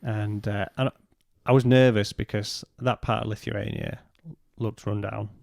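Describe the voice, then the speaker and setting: A man, a podcast guest, telling a personal story in a halting way and retelling what was said in his own words. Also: on the low side, fairly even intonation, gravelly, a little mellow, dry recording, clean studio sound.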